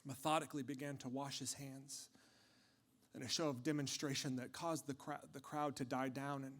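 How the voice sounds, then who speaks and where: A man delivering a dramatic first-person storytelling monologue, impassioned, swinging from hushed tones to shouting. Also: medium pitch, flat delivery, normal speed.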